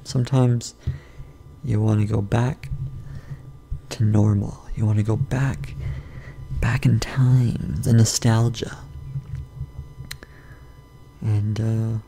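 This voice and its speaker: Slow, gravelly man rambling casually. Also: mid-range voice, mellow, a little hiss or hum. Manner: rambling, unhurried, self-correcting. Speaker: vlogger. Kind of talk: casual food review monologue.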